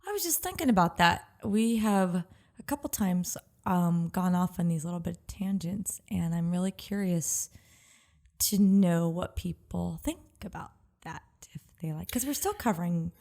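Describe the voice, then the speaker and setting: A woman co-hosting a business podcast, telling a story in a lively way and acting out what people said. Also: on the low side, normal speed. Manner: animated storyteller, acts out quotes. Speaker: podcast co-host. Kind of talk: casual chat.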